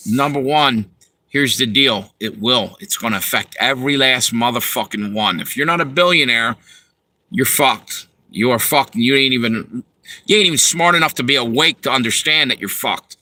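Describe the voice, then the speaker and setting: Brief: a man hosting a livestream, heated and profane, tense bright tone. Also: medium pitch, normal speed, dry recording, low-quality recording. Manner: profane, heated, talks to viewers. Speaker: livestream host reading chat. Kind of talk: angry ranting livestream.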